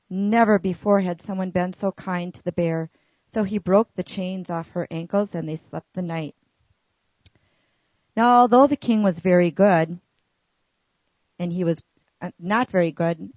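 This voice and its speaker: A woman reads a children's story aloud with an expressive storytelling manner and a voice in a middle register. The recording is dry with no room echo, and the sound is muffled and lo-fi. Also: fairly low pitch.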